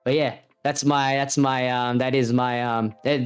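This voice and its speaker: A man's voice: medium pitch, little pitch movement, moderate pace, clear, resonant tone, soft background music. A man from Australia, a guest in a casual chat who rambles, jokes about himself and keeps tagging "though" and "whatnot" onto his sentences. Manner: rambling, self-deprecating, often tags sentences with "though" and "whatnot".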